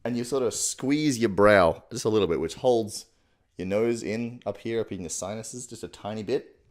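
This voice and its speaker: A man's voice: on the low side, normal speed. A man giving a crude, rambling, self-mocking voice-impression tutorial at home. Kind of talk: casual tutorial. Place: home room at night.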